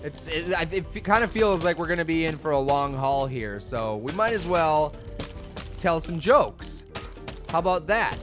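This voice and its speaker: A man's voice: fairly high pitch, expressive, normal speed, over music. A young man casually commenting on a video game he plays, rambling, telling jokes and mocking himself. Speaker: gaming YouTuber. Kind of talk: casual let's-play commentary.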